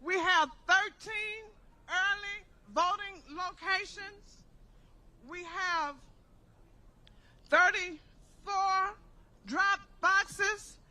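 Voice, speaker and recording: Bright high-voiced woman at a rally. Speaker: local elected official. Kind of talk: rally speech.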